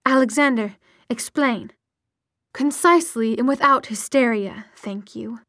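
A woman's voice: a little high, unhurried, fairly bright tone, dry recording, studio quality. A woman reading aloud and voicing a stern, tired middle-aged mother with a clipped, commanding manner.

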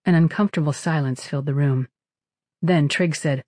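Steady, dry audiobook narrator. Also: medium pitch, normal speed, dry recording. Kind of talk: scripted narration.

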